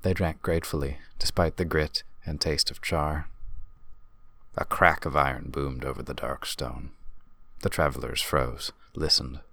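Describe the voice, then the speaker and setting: Very deep male narrator for a fantasy audiobook: measured and descriptive, dry close mic. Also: bright, forceful tone, no room sound.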